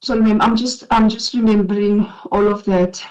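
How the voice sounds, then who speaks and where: A woman's voice: mid-range voice, fairly even intonation, a little mellow, poor audio. Shaky-voiced South African woman testifying. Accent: South African English. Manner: shaky, emotional, halting with restarts. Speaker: witness at an enquiry. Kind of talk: sworn testimony, reading a statement.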